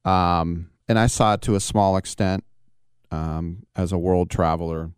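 A man's voice: low-pitched, flat delivery, a little slow, clean tone, dry recording. A man hosting a sports talk radio show, telling a rambling story full of asides and fillers into a studio microphone. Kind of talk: casual radio monologue.

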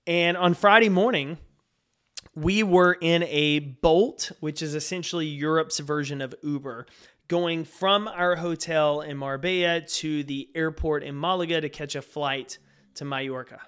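Smooth-voiced man in his forties. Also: fairly high pitch, steady tone, measured pace, fairly bright tone. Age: 40s. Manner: earnest, conversational storytelling. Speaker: podcast host and speaker. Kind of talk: solo podcast storytelling.

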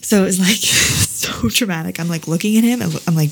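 Animated woman telling a story. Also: lowish voice, fairly quick, creaky, few pauses. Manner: animated, laughing, acts out quotes. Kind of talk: casual storytelling chat.

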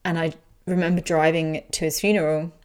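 A woman's voice: low voice, level tone, fairly quick, a little mellow, smooth. A young adult woman candidly telling an emotional personal story, speaking frankly and swearing freely.

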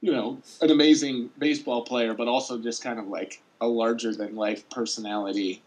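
A man's voice: mid-range voice, steady tone, moderate pace, poor audio. Easygoing man in loose sports talk. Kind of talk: casual sports chat.

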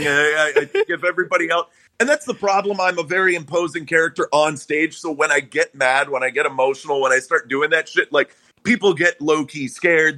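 A young man talking as a comedian guest, rambling and cursing freely while mocking himself. His voice is bright and forceful, recorded close and dry. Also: fairly high pitch, no room sound. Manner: profane, rambling, self-mocking. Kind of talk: casual interview chat.

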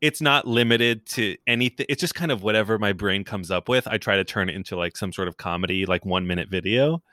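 Bright-voiced man, dry close sound. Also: fairly low pitch, a little fast, no echo. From New York. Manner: rambling, many restarts, laughs often. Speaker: guest, comedian. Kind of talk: casual podcast chat.

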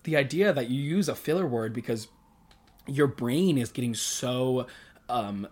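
A young adult in their early twenties hosts a solo podcast in a loose, casual way. The talk drifts and rambles, full of self-aware asides and frequent giggling, in a middle-pitched voice. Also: measured pace. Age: early 20s. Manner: rambling, giggly, laughs often; self-conscious, chatty, talks to self. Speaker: podcast host.

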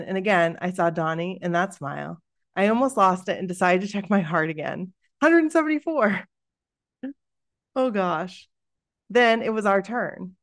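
A woman podcast host reading a listener's story aloud in a lively, expressive way. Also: lowish voice, no room sound, clean studio sound.

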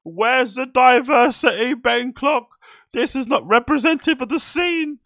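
A man's voice: a little slow, dry recording, studio quality, heavily acted. A man putting on the voice of an indignant social media complainer, whiny and accusing. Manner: whiny, accusing, high and loud. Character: indignant shrill online outrage poster.

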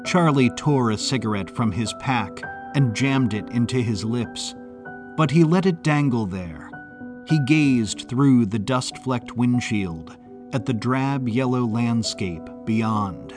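A man narrating an audiobook in a measured, even reading style. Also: medium pitch, over music.

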